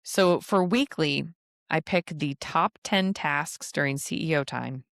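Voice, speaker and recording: With a deep, creaky voice that is a bit bright, this travel advisor and podcast host talks a little slowly through casual business advice on her solo show. She stays chatty, laughing often and adding playful asides. The studio-quality audio has no echo.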